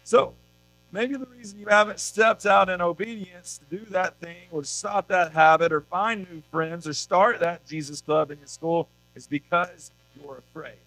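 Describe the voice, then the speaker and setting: A man with a slightly high voice delivers a youth sermon at a church service. He keeps it casual and conversational, checking in with the room through rhetorical questions. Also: moderate pace, pushed and bright, no echo, soft background music, low-quality recording. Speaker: youth pastor.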